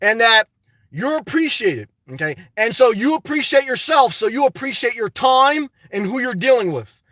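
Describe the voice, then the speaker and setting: A man's voice: very high voice, sing-song, moderate pace, pushed and bright, dry recording, recorded from a distance. A man hosting a livestream, reading the live chat in a chatty way and often tagging on "okay". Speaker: livestream host. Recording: dry sound, voice away from mic.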